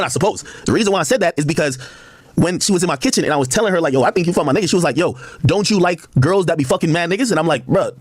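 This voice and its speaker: A man talks at a racing clip in a husky, dry-sounding voice, and his pitch swings widely as he reads text messages aloud. He breaks off the quotes with blunt asides on a heated livestream. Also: no room sound. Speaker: streamer reading out text messages.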